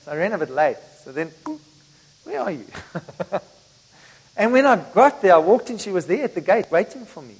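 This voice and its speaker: Middle-aged pastor guy, pretty high voice, chatty sermon with stories, long church echo. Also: big pitch swings, normal speed, slightly rough. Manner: conversational preaching with personal stories, bursts of singing. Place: church hall. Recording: reverberant church hall.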